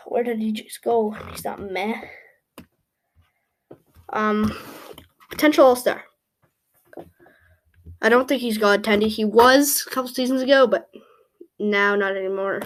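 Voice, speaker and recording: A woman's voice: on the high side, slight background noise. A woman in casual commentary, thinking aloud as she ranks hockey goalies, with frequent fillers and self-corrections. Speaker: YouTube creator ranking hockey goalies. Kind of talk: casual commentary while building a tier list.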